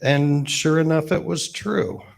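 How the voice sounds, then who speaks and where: A man in his fifties giving a eulogy at a memorial gathering with gentle humor, pausing often with fillers. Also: a little high, vocal fry. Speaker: eulogy speaker, best man.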